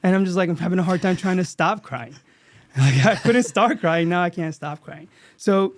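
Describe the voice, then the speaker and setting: Earnest man telling a story, slightly high voice. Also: moderate pace. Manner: earnest, animated, many restarts. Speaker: actor guest. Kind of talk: casual interview storytelling.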